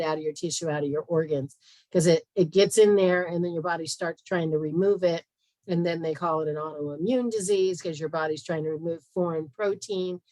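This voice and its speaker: A woman's voice: lowish voice, dry recording, rough recording. A woman hosting a health talk, walking through a slide with chatty asides and many fillers. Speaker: podcast host and health practitioner. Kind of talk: casual presentation over screen share.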